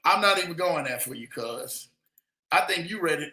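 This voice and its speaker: A man hosting a casual livestream, hyping viewers with shout-outs and repeated "man" between phrases. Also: high-pitched, animated, a little slow, pauses often, roomy sound. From lives in Denver. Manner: hype, repetitive "man" and "in the building". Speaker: livestream host.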